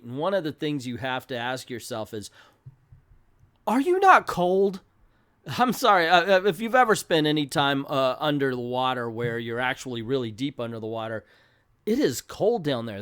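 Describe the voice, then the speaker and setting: A man's voice: medium pitch, fairly bright tone, no room sound, studio quality. Rambling man reviewing old comics. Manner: rambling, self-deprecating asides.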